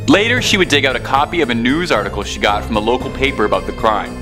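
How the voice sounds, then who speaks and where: A man's voice: medium pitch, animated, quick pace, hardly any pauses, over music. A man narrating scary stories in a scripted way, with casual asides.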